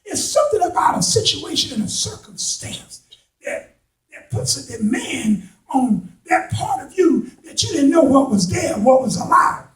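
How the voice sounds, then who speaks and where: A man preaching a sermon to a responding congregation, building from slow talk into impassioned shouts with folksy turns of phrase. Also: extremely high pitch, sing-song. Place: church sanctuary. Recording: echoey hall, voice from a distance.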